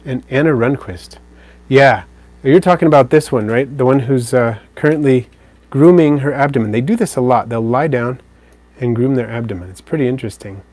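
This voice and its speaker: Relaxed man chatting on a live stream. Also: medium pitch, normal speed, no echo. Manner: relaxed, rambling, with fillers and self-corrections. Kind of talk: casual live stream chat answering viewers.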